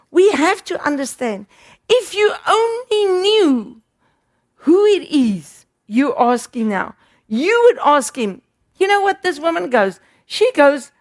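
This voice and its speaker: A woman's voice: high voice, very animated, slow. A woman preaching a sermon, emphatic and repeating words for stress.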